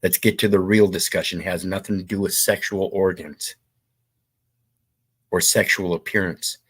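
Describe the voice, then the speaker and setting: A man's voice: sits low, steady tone, moderate pace, a bit bright, husky, dry recording. A man hosting opinionated commentary, blunt and preachy with some profanity. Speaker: commentary host.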